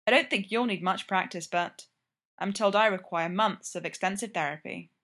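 A woman's voice: medium pitch, moderate pace, fairly bright tone, close to an everyday voice. A woman reading the lines of a proper, frustrated male professor, formal and exasperated.

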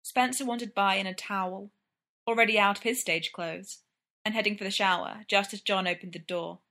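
A woman reading fiction aloud in a measured, even storytelling manner. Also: mid-range voice. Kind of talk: audiobook fiction narration.

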